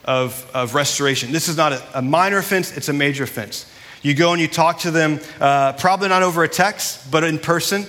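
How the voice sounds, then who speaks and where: Pastor, male, fairly high and bright tone; earnest conversational sermon delivery in a reverberant sanctuary. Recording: long hall reverb.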